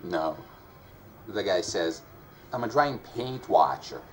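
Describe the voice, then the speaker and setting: An actor playing a chatty male book seller telling an anecdote, animated and acting out the quotes. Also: low-pitched, slow. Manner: animated storyteller, acts out quotes, laughs. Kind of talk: film monologue, casual storytelling.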